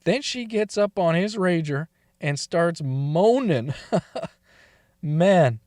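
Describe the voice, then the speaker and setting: Crude male storyteller, fairly high voice, dry close recording, laughs through his lines. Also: lively intonation, very slow, darkish tone, no room sound. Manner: profane, laughs often. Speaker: story reader. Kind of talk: crude first-person storytelling.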